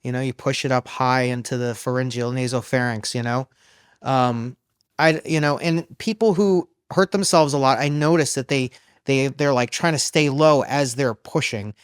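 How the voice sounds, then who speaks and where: A male vocal coach talking shop in a casual podcast chat, his explanations loose and halting. His voice sits at an ordinary middle pitch, and the sound is close and dry with no room around it. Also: steady tone, smooth, no room sound. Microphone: studio microphone.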